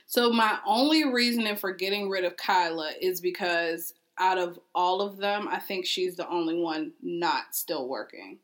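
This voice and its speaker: A woman co-hosting a podcast in casual chat, playful and doubting, with quick exclamations. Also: lowish voice, fairly bright tone. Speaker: podcast co-host.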